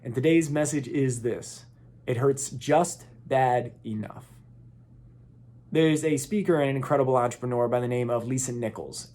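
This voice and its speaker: A man's voice: medium pitch, darkish tone. A man in his thirties, hosting a motivational talk and telling a story, earnest, with small voice shifts when he quotes people. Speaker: motivational speaker.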